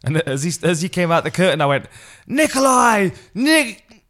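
A man's voice: fairly even intonation, fast. Man telling a self-mocking story. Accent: English. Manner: storytelling, self-mocking, acts out his own thoughts in a low mutter. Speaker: podcast co-host, fight commentator. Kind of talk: casual chat.

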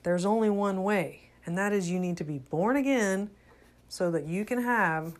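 An older woman giving an earnest, unscripted religious talk, halting with frequent restarts. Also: medium pitch. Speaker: religious commentator.

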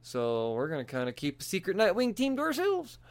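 A man's voice: sits high, huge pitch swings, brisk. A man casually recapping comic book issues, swearing freely and laughing as he talks. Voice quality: profane, laughs often.

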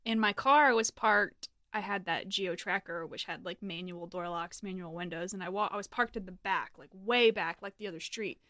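A woman's voice: medium pitch, normal speed, hardly any pauses, bright, forceful tone, no echo, clean studio sound. A young woman co-hosting a podcast, chatting casually, swearing freely and telling stories with animation. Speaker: podcast co-host. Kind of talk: casual chat.

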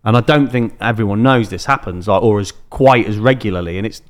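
A man's voice: on the low side, a little fast. A man on a casual podcast, setting up curious, open questions for the host.

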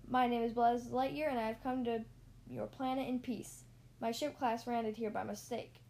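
A self-important toy space ranger from a storybook, voiced by a woman reading aloud. He speaks in a grand, formal manner and is sure of himself. The voice sits a little high. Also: steady tone, moderate pace, gravelly, warm tone.

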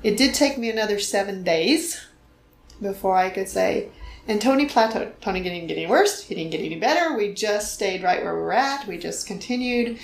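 A woman's voice: mid-range voice, lively intonation, moderate pace, echoey room, faint music behind, poor audio. A middle-aged woman earnestly telling a personal faith story in conversation, acting out the voices she quotes. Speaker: guest telling her story.

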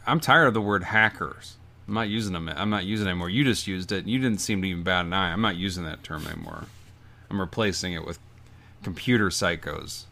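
A man in casual comedic chat, rambling through animated comic stories. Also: deep voice, brisk, creaky. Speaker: podcast co-host.

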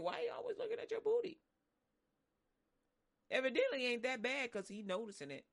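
A woman preaching a sermon, animated and dramatic, acting out voices and swinging between loud and soft. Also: high voice, brisk, gravelly.

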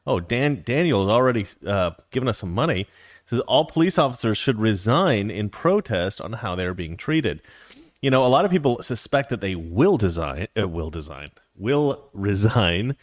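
Sarcastic ranting male host, lively pitch. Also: normal speed, no room sound, clean studio sound. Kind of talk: casual livestream commentary.

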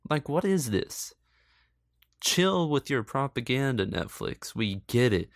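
A man's voice: medium pitch, sing-song, measured pace, gravelly, dry recording, clean studio sound. A man giving casual, sarcastic movie commentary, swearing freely and laughing often. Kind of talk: casual film review commentary.

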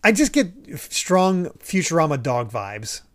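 A man hosting a podcast, recapping chapters in casual chat with an animated retelling style. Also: a little high, a little slow. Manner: animated retelling with frequent laughs and acted quotes. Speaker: podcast host.

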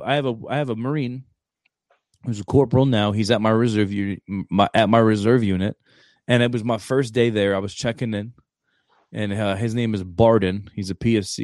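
A man's voice: fairly low pitch, normal speed, no room sound. A young adult man, a Marine staff sergeant, telling a story in casual chat, acting out the quoted lines and restarting his sentences. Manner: animated storyteller, acts out quoted dialogue, stumbles and restarts.

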